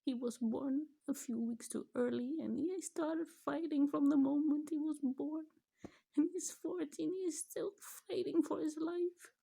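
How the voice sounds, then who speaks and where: Her voice sits high, steady, gravelly, and warm, and she speaks unhurriedly. A middle-aged mother and vlogger, she's tearful and on the edge of crying in this emotional personal vlog, her voice shaking, breaking, and sometimes sinking to a whisper.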